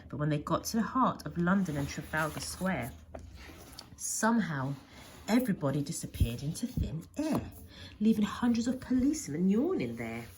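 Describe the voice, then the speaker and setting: A woman's voice: low-pitched, sing-song, normal speed, a little mellow, slight background noise. A woman teacher reading a picture book aloud with expression, often dropping to a whisper. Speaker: primary school teacher.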